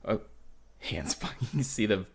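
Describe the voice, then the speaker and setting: Male podcast host, somewhat low voice, profane and lively yarn-spinner. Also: normal speed, creaky, breathy edge. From United States. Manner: profane, animated storytelling with laughter. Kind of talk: casual storytelling chat.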